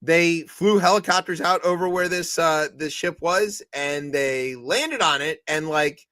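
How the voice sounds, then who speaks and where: Animated, jokey man. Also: fairly high pitch, a little slow, no room sound. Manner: animated, jokey, acts out quoted voices. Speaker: co-host. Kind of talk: casual comedic news chat.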